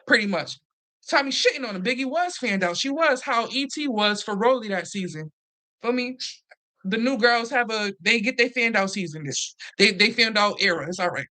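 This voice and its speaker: Bright-voiced woman in casual, animated chat. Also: fairly high pitch, normal speed. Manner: animated, profane, acts out quotes. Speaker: host. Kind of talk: casual reality TV recap chat.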